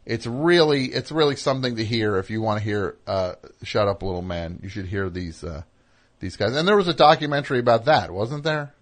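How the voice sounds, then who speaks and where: A man hosting a call-in radio show, chatting casually with a rambling, animated manner that drifts off quietly at times. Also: on the low side, fairly quick.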